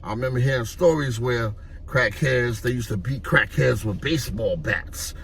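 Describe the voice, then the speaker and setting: A man from Harlem, telling street stories in an animated way and acting out the voices. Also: mid-range voice, moderate pace, vocal fry, crowd noise. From Harlem, New York. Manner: animated, acts out voices, repeats "you know what I mean". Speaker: storyteller. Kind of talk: street storytelling vlog.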